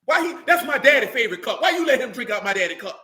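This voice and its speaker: A man speaking at a religious group talks casually and bluntly, swearing constantly and repeatedly asking "you know what I'm saying." His voice is very high and sing-song, racing along with a bright, forceful tone. The unscripted talk was recorded in a roomy, echoing space.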